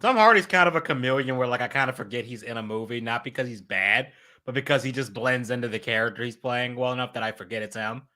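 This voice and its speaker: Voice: mid-range voice, quick pace, few pauses, sharp tone. A podcast co-host in easygoing, joking casual chat. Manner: easygoing, joking, drops into impressions.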